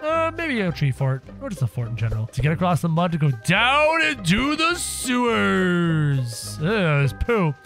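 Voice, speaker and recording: Lively high-voiced gaming commentator. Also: male voice, unhurried, few pauses, faint music behind. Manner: playful, sarcastic, exclaiming. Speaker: gaming video host. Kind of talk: let's-play commentary.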